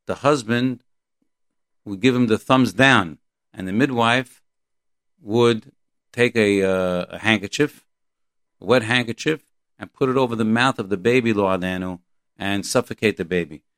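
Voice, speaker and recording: A man delivers a Torah lecture in a somewhat low voice, moving between Hebrew verses and his own explanations. He talks in a halting, repetitive way but stays earnest and emphatic. The recording is dry and close. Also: fairly bright tone, no echo. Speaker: Torah teacher.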